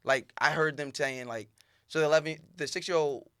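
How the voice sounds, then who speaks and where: A man's voice: fairly high pitch, steady tone, brisk, sharp tone, clear, resonant tone, no echo, clean studio sound. A man talking as a podcast guest, blunt and emphatic, acting out quotes as he tells stories. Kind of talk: casual podcast chat.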